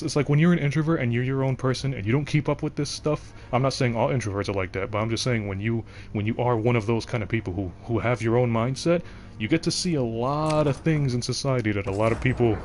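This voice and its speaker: Young male game streamer, deep voice, loose digressive chat. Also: a little mellow. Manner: rambling, digressive, frequent restarts. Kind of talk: casual livestream chat.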